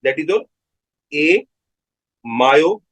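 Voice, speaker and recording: A man lectures a live online class, his voice fairly high and slightly husky. He repeats key terms slowly and keeps checking that his students follow. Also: animated, rough recording. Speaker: medical lecturer.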